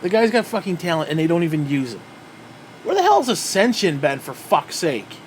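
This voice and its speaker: The wrestling reviewer's fairly high voice swings widely in pitch as he rants briskly on his own. He's profane and exasperated, sighing often, with a faint hiss or hum behind him.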